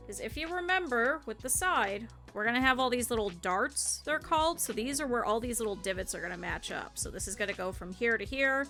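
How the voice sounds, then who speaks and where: Casual woman streamer, crisp bright tone, talks chat through craft steps over faint music. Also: fairly high pitch, animated, fairly quick, hardly any pauses. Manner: chatty, explains as she works, talks to chat. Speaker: streamer teaching plush sewing. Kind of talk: casual step-by-step craft tutorial.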